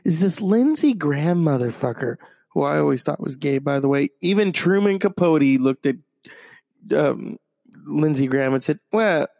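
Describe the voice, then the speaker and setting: A man's voice: on the high side, lively intonation, normal speed, creaky, mellow, no room sound. A man doing a profane, rambling comedic rant that is full of fillers and restarts. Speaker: comedic commentator.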